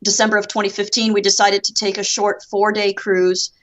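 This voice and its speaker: A woman's voice: medium pitch, little pitch movement, fairly quick, dull audio. Chatty Canadian woman guest. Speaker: podcast guest. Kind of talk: casual podcast chat.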